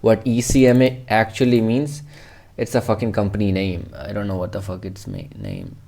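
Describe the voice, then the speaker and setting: A man's voice: on the low side, expressive, moderate pace, creaky, dark tone. A man teaching a casual coding tutorial, rambling and swearing freely as he jokes with himself. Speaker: programming tutor.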